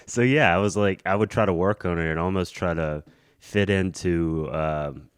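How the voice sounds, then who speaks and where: Man, Southern US accent, low voice, dry close sound, casual podcast chat. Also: unhurried, clean tone, no echo. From American South. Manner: easygoing, laughs often. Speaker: podcast co-host.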